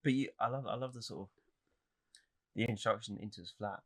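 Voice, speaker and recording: A man co-hosting a casual anime podcast, talking in a relaxed, hesitant way with lots of "like" and "um". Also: on the low side, fairly quick. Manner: relaxed, hesitant, many fillers and restarts. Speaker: podcast co-host. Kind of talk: casual chat about anime.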